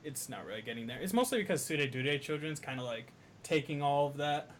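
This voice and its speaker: A man's voice: fairly high pitch, animated, fast, a little hiss or hum. A man co-hosting a casual anime podcast, rambling in a laid-back way with many fillers. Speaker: podcast co-host.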